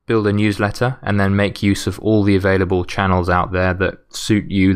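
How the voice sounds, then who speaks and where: A man hosting a solo podcast, giving advice in an earnest, motivational way while sounding tired and losing his voice. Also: deep voice. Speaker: podcast host.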